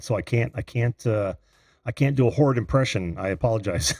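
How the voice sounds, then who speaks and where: A middle-aged man hosting a live call-in show, chatting and reading viewer comments, easily flustered and quick to laugh. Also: medium pitch, gravelly, a little mellow, slightly rough, dry recording, studio quality.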